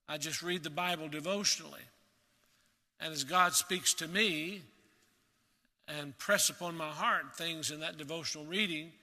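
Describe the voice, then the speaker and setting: A man preaching a sermon in a measured, emphatic way, repeating key words for weight. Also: fairly high pitch, pushed and bright, big-room sound.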